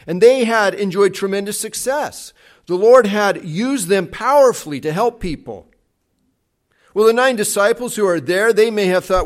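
A man's voice: sits high, moderate pace. Preacher man telling a story dramatically. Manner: dramatic storytelling, acting out quotes, dropping to soft tones. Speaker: pastor. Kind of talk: sermon.

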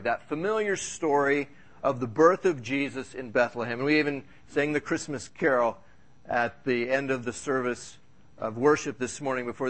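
A man preaching a sermon as pastor in a church service, talking in a conversational, joking, storytelling way. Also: medium pitch.

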